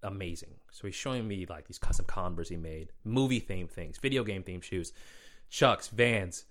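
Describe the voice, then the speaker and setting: A man's voice: low voice, moderate pace, fairly bright tone. A man from Minnesota hosting a podcast, telling a story in loose, chatty talk and often calling people "man" and "bro". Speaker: podcast host. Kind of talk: casual solo storytelling.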